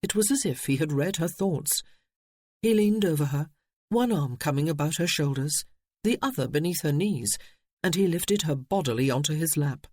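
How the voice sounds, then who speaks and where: A man reading a novel aloud in steady audiobook narration. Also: a little high, moderate pace, slight background noise.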